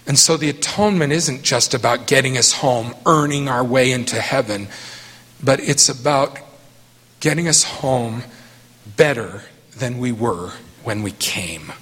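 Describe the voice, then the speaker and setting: Middle-aged guy answering questions after his talk, slow and earnest, bit husky, big hall echo. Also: medium pitch, fairly bright tone. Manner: earnest and emphatic, slow deliberate phrasing.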